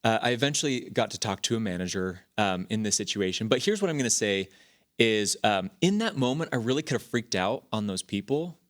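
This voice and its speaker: A man's voice: lowish voice, brisk. A man in his thirties hosting a podcast, telling personal stories in a casual, rambling way with frequent restarts and fillers. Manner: rambling, animated storytelling with many restarts. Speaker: podcast host. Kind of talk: casual talk.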